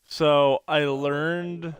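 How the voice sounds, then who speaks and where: A man with a smooth, clear voice pitched a little high, chatting loosely on a podcast. He rambles through his stories, stacking fillers and breaking into laughs. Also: steady tone, very slow, no echo. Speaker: podcast co-host. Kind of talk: casual podcast chat.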